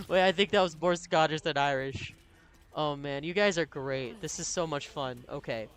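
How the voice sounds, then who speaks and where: Chatty streamer guy, somewhat high voice. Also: normal speed, a bit bright, smooth. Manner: chatty, laughs often, reads viewer messages aloud. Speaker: game streamer. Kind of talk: casual live-stream chat over gameplay.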